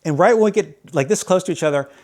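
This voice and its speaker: Chatty storytelling man, fairly high voice. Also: fast, a little mellow. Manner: rambling, self-correcting, chatty. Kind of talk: casual anecdote.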